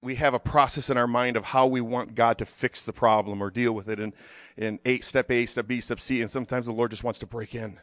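A man preaching and praying in a fervent sermon, often halting and repeating words as he leads an altar call. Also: medium pitch, fairly even intonation, fairly bright tone, no room sound, studio quality. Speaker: pastor.

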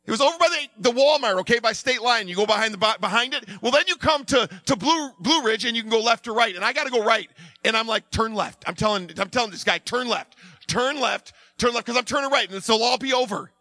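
A middle-aged man preaching through a personal story, animated, acting out his own voice, sometimes dropping low and quiet. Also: quick pace, no room sound. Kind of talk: sermon told as a personal story.

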